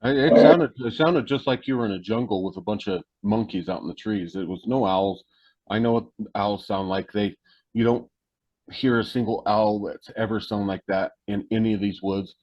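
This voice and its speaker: A man's voice: lowish voice, normal speed, dry recording. Blunt, emphatic man on a dull line. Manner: blunt and emphatic, slangy, swears. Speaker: guest, hunting guide and tracker. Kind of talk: casual conversation.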